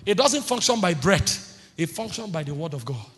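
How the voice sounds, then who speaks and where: A man preaching a fervent sermon, often shouting and repeating phrases for emphasis. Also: high-pitched, sing-song, normal speed. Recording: long hall reverb with faint music behind.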